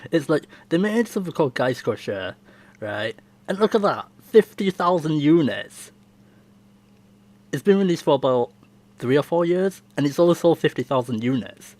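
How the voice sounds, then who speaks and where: A man's voice: a little high, big pitch swings, normal speed, pauses often, a little mellow. A young man casually answering viewer questions on his channel, talking in a chatty, rambling way and often laughing. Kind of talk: casual Q&A chat.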